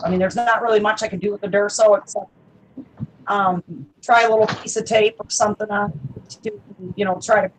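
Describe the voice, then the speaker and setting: Woman, casual chat, relaxed and questioning, mid pitch, faint hiss. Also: rough recording. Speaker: reef hobbyist asking for advice.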